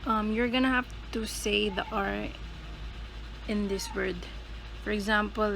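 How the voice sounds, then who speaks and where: Woman, student presenter, unhurried, careful repetition of words, noisy recording. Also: mid-range voice, fairly even intonation, vocal fry. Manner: slow and careful, repeats example words. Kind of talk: explaining pronunciation tips.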